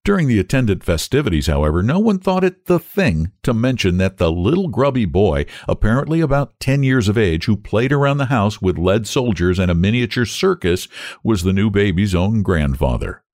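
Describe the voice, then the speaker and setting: A man narrating a story aloud with expressive storytelling. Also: fairly low pitch, moderate pace, no echo, studio quality. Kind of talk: audiobook narration.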